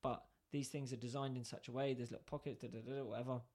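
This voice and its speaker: Animated man telling a story. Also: mid-range voice, quick pace. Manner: animated, acts out both sides of dialogue. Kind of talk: casual storytelling.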